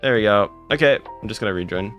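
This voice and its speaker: A man's voice: lowish voice, animated, fast, lo-fi sound, soft background music. A man streaming a game live, greeting chat viewers by name one after another and answering their questions with blunt, sarcastic asides.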